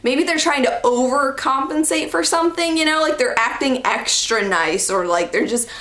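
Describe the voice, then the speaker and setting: A woman's voice: high voice, normal speed, roomy sound. A young woman telling a personal story to camera in a casual, chatty way, full of "like" and "okay". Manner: chatty, animated, heavy use of "like" and "okay". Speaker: storytime vlogger.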